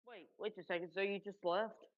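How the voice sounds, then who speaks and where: A woman's voice: mid-range voice, steady tone, a little fast, no echo, dull audio. A woman on a voice call with a streamer, bantering and teasing in a playful way. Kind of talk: casual voice chat banter.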